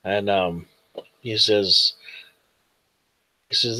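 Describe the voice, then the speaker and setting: A man narrating as game master of a tabletop role-playing game, hesitant with many pauses and fillers. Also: medium pitch, a bit bright, dry recording.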